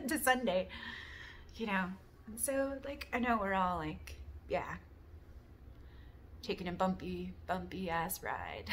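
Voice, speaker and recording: A woman hosting a spiritual talk, musing aloud in a meandering way, full of fillers, often trailing into soft whispers. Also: mid-range voice, creaky, slight background noise. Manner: reads an apology mantra in a lifted, earnest voice. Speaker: spiritual podcast host. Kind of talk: reflective personal monologue.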